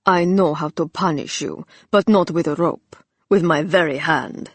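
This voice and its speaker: Woman reading as a husband, low, husky, gruff, wry, audiobook. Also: lively intonation, unhurried, no echo. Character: wounded, wry young husband.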